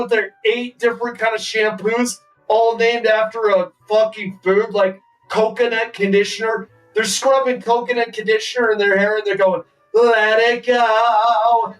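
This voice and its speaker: A man in his forties streaming, ranting casually in a profane, sarcastic way. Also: high voice. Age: 40s. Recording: distant mic with faint music.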